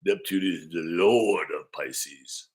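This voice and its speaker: A man with a fairly low voice hosts an astrology show in a loose, casual way. He rambles and repeats phrases as he thinks aloud. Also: slow. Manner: rambling, chatty, repeats himself; coos softly to his dog. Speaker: astrology podcast host.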